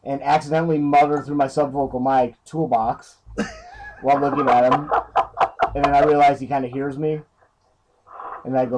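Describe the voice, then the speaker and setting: A man's voice: medium pitch, normal speed, a little mellow, low-quality recording. Casual man narrating his character's moves. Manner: describes his character's actions casually, with profanity. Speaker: player. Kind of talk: tabletop role-play banter.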